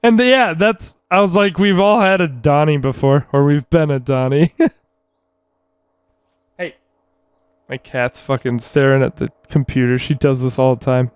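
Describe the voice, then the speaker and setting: Smooth-voiced man chatting, laughing often. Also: on the high side, normal speed, pauses often, no room sound. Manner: laughs often, swears casually. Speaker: podcast co-host. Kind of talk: casual chat.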